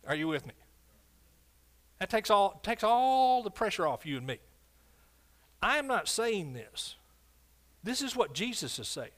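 A man preaching a sermon as pastor, swinging between loud declarations and quiet asides, often calling out for an amen. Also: high voice, big pitch swings, unhurried, long pauses.

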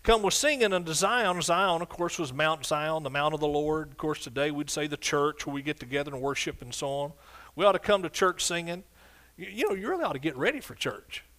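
A man's voice: fairly high pitch, animated, pushed and bright. An older man preaching a sermon in a church, exuberant and punctuated with hallelujahs and whoops. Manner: sings scripture in a slow drawn-out way. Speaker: pastor. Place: church sanctuary.

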